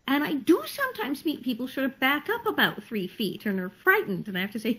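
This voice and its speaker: Husky-voiced woman telling lively stories. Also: sits high, fairly quick, low-quality recording. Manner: animated, laughing, acts out quotes. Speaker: interview guest, actress. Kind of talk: casual storytelling interview. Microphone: video call.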